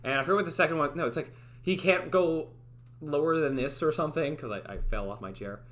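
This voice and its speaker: A woman's voice: deep voice, quick pace. A woman game developer chatting casually on a livestream, giggling and rambling through restarts. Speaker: streamer and indie game developer.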